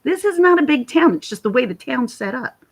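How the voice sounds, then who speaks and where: Her voice sits high and sing-song, a little fast, creaky and husky, with poor audio. She's a central New Jersey woman hosting a casual livestream, chattering and rambling to her chat as she jumps between stories.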